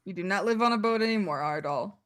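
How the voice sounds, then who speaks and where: A woman taking part as a player in a tabletop role-play game, chatting in an animated, flustered way. She often breaks into laughter mid-sentence, and her voice sits at a middle pitch. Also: fast talker. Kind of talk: casual tabletop game chat.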